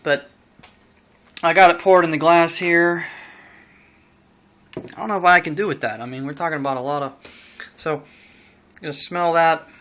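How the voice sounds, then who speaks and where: Bright-voiced rambling young guy. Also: a little high, fairly even intonation, moderate pace, long pauses, a little hiss or hum. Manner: rambling, chatty, lots of fillers. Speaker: beer reviewer. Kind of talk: casual home video review.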